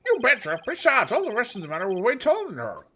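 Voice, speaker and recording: Streamer doing a high, twangy, jumpy thief witness; folksy and braggy, lots of swoops. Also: huge pitch swings, fast talker, bright, forceful tone, full character voice. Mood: boastful. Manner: high, yelping, folksy drawl. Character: nervous twangy old thief witness, boastful.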